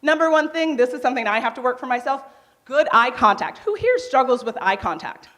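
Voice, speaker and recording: A young woman giving a motivational talk on a conference stage, naturally loud, laughing often and asking the crowd questions. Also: high voice, animated, brisk. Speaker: conference speaker. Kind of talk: motivational workshop talk to a live audience.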